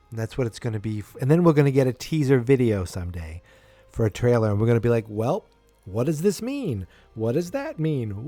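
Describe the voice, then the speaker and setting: A man's voice: medium pitch, dark tone, no room sound. A man hosting a solo podcast, speculating as a fan in a rambling, earnest way with many restarts. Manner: earnest, fannish enthusiasm. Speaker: podcast host.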